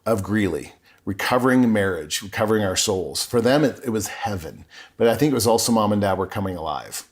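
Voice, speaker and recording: A man's voice: fairly low pitch, expressive, fairly quick. Earnest middle-aged man telling his story. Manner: earnest and openly emotional, with frequent restarts. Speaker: podcast guest. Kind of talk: conversational personal storytelling.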